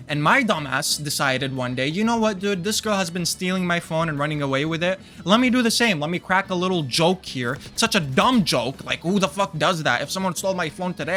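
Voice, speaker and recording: Young guy, storytime vlogger, swears a lot, bright edge, soft music under. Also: on the high side. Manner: crude, profane, animated storytelling, bro-talk. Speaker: vlogger telling a personal story. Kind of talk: storytime monologue.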